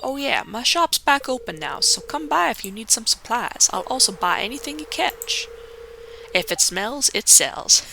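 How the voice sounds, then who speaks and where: A woman's voice: fairly high pitch, big pitch swings, normal speed, creaky, sharp tone, slight background noise, voice pushed up, heavily acted. A woman voicing a jovial old fisherman in a game, with a hearty seafaring drawl. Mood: friendly. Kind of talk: game character voice.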